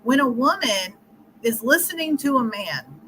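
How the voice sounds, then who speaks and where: A middle-aged woman talks through relationship advice in a relaxed interview, piling on examples and laughing easily. Her voice is bright and a touch high. A faint hiss of noise sits under the recording. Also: measured pace, poor audio. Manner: chatty, explains with scenarios and laughs often. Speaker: relationship coach. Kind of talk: casual interview talk.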